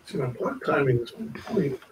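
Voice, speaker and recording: Male streamer, casual game chat, light self-deprecating humor, slightly high voice. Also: sing-song, slight background noise, low-quality recording. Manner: easygoing, self-deprecating, quick to laugh. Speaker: streamer playing a survival game.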